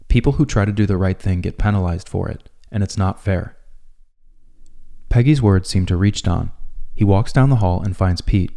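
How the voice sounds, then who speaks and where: A man narrating a scripted video essay in a calm, measured way. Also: low voice, gravelly.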